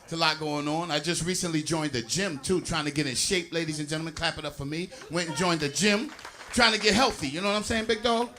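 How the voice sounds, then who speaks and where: A man performing a stand-up comedy set, working the crowd in an animated, chatty way. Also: on the high side, fast talker. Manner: animated, crowd-working, frequent "you know what I'm saying". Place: live comedy venue with audience. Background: audience laughter.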